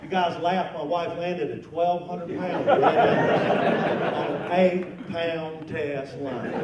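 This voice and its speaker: At a lunch event in a banquet hall, an older man, a comedian and lunch speaker, tells folksy stand-up stories that get rowdy on the punchlines. His voice is a little high and the audio dull, miked from a distance in a roomy hall with faint noise.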